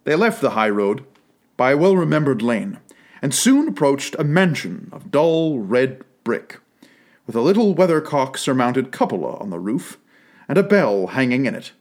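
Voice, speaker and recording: A man reading a classic story aloud, with an expressive, unhurried delivery. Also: mid-range voice. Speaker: narrator.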